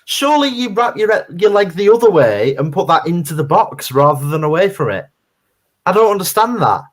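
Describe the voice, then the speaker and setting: A man co-hosting a live football fan watchalong, reacting excitedly to the play and chatting with his co-hosts. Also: high voice, fairly quick. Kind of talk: live match commentary chat.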